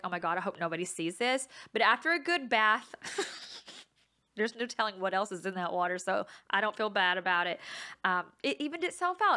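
Brief: woman podcaster, bright forceful voice, casual self-deprecating storyteller who laughs a lot. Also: a little high. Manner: chatty and self-mocking, laughs often. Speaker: podcast host.

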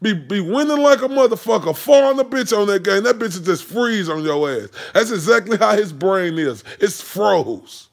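A man's voice: high-pitched, lively intonation, moderate pace, vocal fry, hardly any pauses. A man ranting about boxing on his channel, heated and mocking, swearing constantly. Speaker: boxing commentary vlogger. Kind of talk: profane casual rant.

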